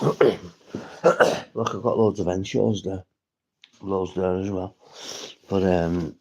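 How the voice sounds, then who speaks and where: A man's voice: deep voice, vocal fry, a little mellow, husky. A man from St Helens with a northwest English accent, rambling and swearing as he chats to viewers on a casual livestream. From St Helens, England.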